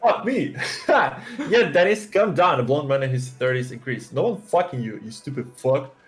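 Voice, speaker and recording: A man joking loudly on a game stream, reading character lines and trying out accents. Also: medium pitch, lively intonation, normal speed. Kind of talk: casual game stream chat.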